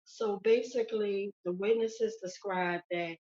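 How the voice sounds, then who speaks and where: A woman's voice: mid-range voice, fairly even intonation, unhurried, darkish tone, lo-fi sound. A woman guest giving urgent, emotional testimony in an interview, pleading and repeating phrases. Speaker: interview guest, victim's sister.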